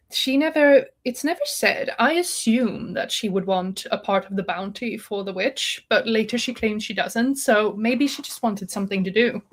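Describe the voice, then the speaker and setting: A woman's voice: mid-range voice, moderate pace. A woman co-hosting a book podcast, casually retelling a story's plot and acting out the characters' lines. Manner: retells the plot with acted-out quotes. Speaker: podcast co-host.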